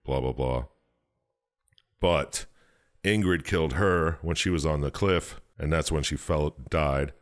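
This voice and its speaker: Man, very low voice, casual podcast chat, rambling, profane, jokey character voices. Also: a little slow. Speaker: podcast co-host. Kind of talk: casual chat, recapping a game plot.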